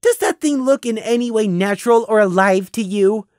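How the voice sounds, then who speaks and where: A man plays a young male lamb, sharp-tongued and knowing, who explains things in a cutting, matter-of-fact way. His mid-range voice sits above his natural pitch yet stays close to everyday speech, a little mellow and at a moderate pace. The studio recording is clean with no echo.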